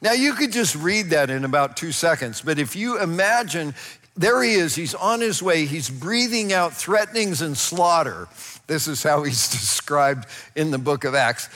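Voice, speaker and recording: Animated preacher in a reverberant hall. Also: male voice, a little high, moderate pace. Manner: animated storytelling with laughs and acted-out voices. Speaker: pastor. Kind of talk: sermon.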